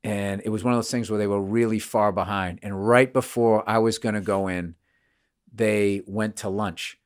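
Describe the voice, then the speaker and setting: A man guesting on a podcast, telling a story in a casual, animated way and acting out his own past lines. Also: fairly low pitch, normal speed.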